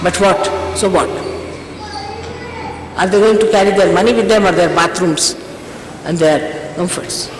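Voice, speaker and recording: Low-ish and measured, with frequent pauses, an older woman addresses her followers as their spiritual teacher, scolding them emphatically and repeating herself before a ceremony. The informal exhortation comes from an old tape with hall echo and a faint hiss.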